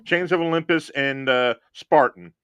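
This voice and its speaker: A man's voice: medium pitch, measured pace, a bit bright, smooth, dry recording. A man hosting a casual gaming podcast, joking and rambling as he thinks aloud. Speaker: podcast host.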